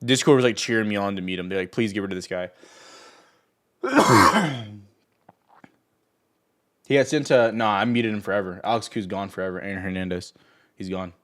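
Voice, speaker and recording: A man's voice: lowish voice, normal speed, pauses often, a bit bright. A young man hosting a trading livestream, talking casually and ranting at viewers in chat with sarcasm and profanity. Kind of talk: casual live stream chat.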